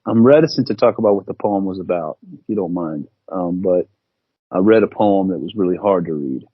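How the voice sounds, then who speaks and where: Husky, self-mocking male storyteller. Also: deep voice, lively intonation, a little fast, dry recording, narrow, tinny audio. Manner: self-deprecating, laughing storyteller. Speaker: guest writer and editor. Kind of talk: casual storytelling chat.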